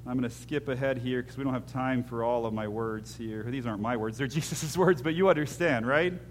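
A man preaching a sermon as pastor, moving between hushed, intimate lines and loud acted-out scenes, with jokey asides. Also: mid-range voice, a little fast, a little hiss or hum.

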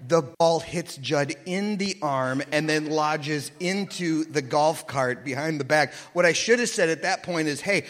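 A man's voice: on the high side, measured pace, few pauses, fairly bright tone, long reverb tail. A man giving a casual Bible teaching, chatty and joking, often checking in with "okay?" and "right?".

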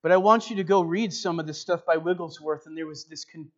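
A man preaching a sermon, reading a story aloud and then pressing the point, earnest and emphatic, loud at times and quiet at others. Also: fairly high pitch, fairly quick. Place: church building. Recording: dull lo-fi recording.

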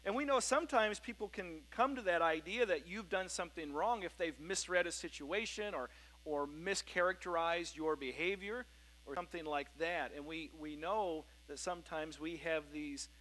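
A middle-aged man, a pastor, preaching a sermon in a relaxed storytelling way, with frequent fillers and restarts. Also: fairly high pitch, rough recording. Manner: conversational storytelling, many fillers and self-corrections.

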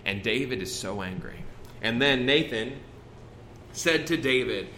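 A man's voice: medium pitch, expressive, a little slow, bright, forceful tone, a little hiss or hum. A man preaching a sermon in a conversational, folksy way, often breaking off and restarting his sentences. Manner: conversational, folksy, with self-interruptions.

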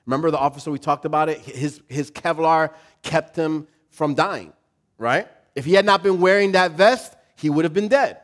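A male pastor giving a casual, humorous sermon with dramatic swings between loud and soft. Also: on the high side, normal speed.

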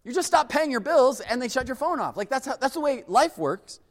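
A man preaching a sermon, emphatic and animated, dropping suddenly to a hush for weight. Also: very high voice, brisk, in a large hall. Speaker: pastor.

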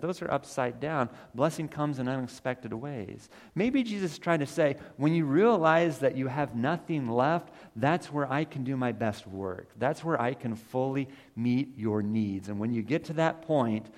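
A man's voice: mid-range voice, darkish tone. Man preaching in a reverberant hall. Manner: earnest preaching, rising to emphatic peaks. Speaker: pastor. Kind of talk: sermon.

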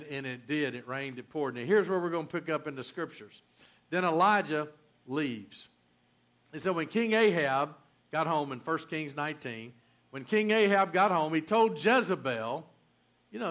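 A man's voice: fairly high pitch, fairly bright tone. Folksy man preaching a sermon. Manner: folksy, joking asides, many restarts. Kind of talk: casual sermon storytelling.

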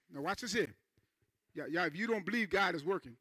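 High-voiced preacher man, bright and dry. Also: animated, brisk, husky, no room sound. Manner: call-and-response preaching, repeats phrases, swings from quiet asides to loud emphasis; folksy, says "man" and "ain't". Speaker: pastor. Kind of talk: sermon. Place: church sanctuary.

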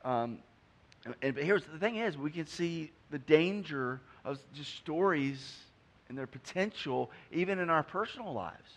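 Preacher with a higher voice. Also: male voice, expressive, unhurried. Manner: conversational preaching, acts out quotes. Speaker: pastor. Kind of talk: sermon.

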